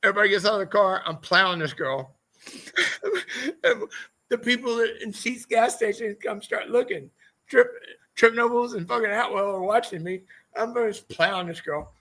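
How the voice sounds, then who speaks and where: Gravelly high-voiced man telling profane stories. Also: normal speed, pushed and bright, rough recording. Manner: profane, rambling anecdotes. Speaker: podcast guest, former motorcycle racer. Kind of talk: casual storytelling interview.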